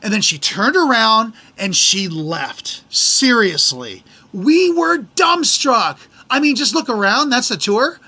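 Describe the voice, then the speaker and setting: Bright-voiced American man telling a story. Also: very high voice, slow pace, few pauses. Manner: animated, exasperated storytelling with quoted voices. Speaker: podcast host. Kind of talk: casual storytelling.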